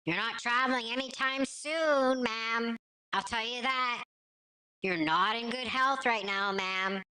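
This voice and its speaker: A woman talks over clips in a blunt, scornful commentary. Her voice is bright and forceful. She sounds matter-of-fact and unimpressed. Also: on the high side, slow pace, clean tone, rough recording. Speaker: reaction commentator.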